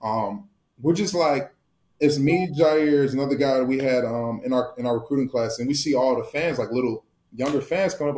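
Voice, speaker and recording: Fast-talking young man telling stories. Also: mid-range voice. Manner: relaxed storytelling with fillers and laughs. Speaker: football player guest. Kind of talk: casual interview talk.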